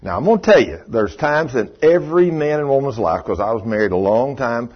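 A man's voice: mid-range voice, lively intonation, a little fast, slightly rough. An older man, a pastor telling a story in a sermon in a folksy, chatty way and chuckling often as he talks to the congregation. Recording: muffled lo-fi sermon recording.

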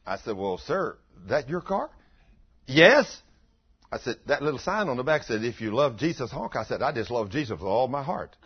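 An older man preaching a folksy sermon full of homespun stories, acting out quotes loudly. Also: mid-range voice, a little fast, hardly any pauses, breathy edge. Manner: homespun, animated, breaks into loud acted quotes. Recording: dull lo-fi sound.

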